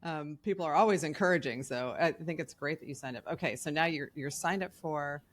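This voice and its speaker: Low-voiced woman hosting a podcast. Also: brisk. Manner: encouraging, hedging with fillers. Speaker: podcast host. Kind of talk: casual interview chat.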